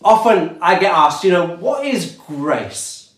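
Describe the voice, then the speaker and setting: Slow, deliberate preacher in an echoey room. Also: medium pitch, sing-song. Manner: slow, deliberate preaching with falling emphasis on key words. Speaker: pastor. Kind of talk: sermon.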